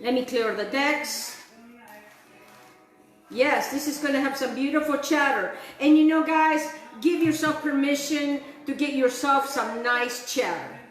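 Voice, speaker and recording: A woman's voice: sits high, unhurried, roomy sound, soft background music. A middle-aged woman hosting a home cooking show, chatty and enthusiastic, with many fillers and asides. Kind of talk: casual cooking demonstration. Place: home kitchen.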